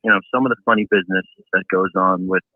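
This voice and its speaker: A man's voice: low voice, steady tone, fast, no echo. A man calling in to a sports podcast, chatty and hedging as he builds his point. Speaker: caller. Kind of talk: call-in sports talk. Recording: tinny phone line.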